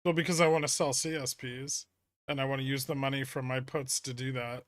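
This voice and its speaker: A man's voice: medium pitch, little pitch movement, a little fast, no room sound. A man hosting a casual trading livestream, reading chat questions and answering with dry, sarcastic humor. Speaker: livestream host.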